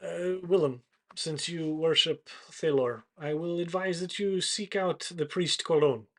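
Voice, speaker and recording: A man voicing a stately male high priest who speaks in a formal, courteous, measured way.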